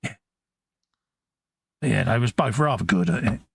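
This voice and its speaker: A man's voice: lowish voice, lively intonation, a little slow, creaky, a little hiss or hum. A middle-aged man, co-hosting a casual live stream and chatting in easygoing, matey banter while he paints. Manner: chatty, matey banter, says "mate" constantly. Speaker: co-host.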